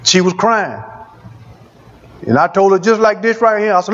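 High-voiced preacher testifying. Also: male voice, moderate pace, dull audio. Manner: rhythmic, repeats phrases for emphasis. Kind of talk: testimony sermon.

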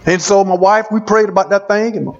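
A man's voice: high-pitched, fairly even intonation, fast, dull audio. A man preaching a testimony sermon, repeating phrases for emphasis.

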